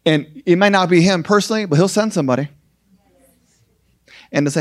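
High-voiced man preaching emphatically. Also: brisk, long pauses. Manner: emphatic, repeats short punchy phrases. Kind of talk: sermon.

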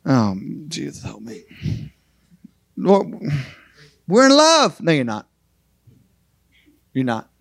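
High-voiced man preaching emphatically. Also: huge pitch swings, slow, vocal fry, long pauses. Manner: emphatic, repeats short punchy phrases. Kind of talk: sermon.

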